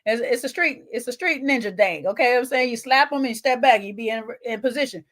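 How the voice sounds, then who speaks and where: A woman's voice: on the high side, brisk, a bit bright. A woman, co-hosting a casual chat show, talking to viewers while eating, with teasing asides. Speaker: podcast co-host.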